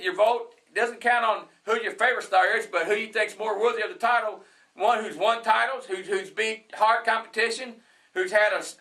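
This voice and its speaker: A man's voice: high-pitched, vocal fry, sharp tone. A man hosting a wrestling talk show, rambling and repeating himself as he promotes the event. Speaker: host.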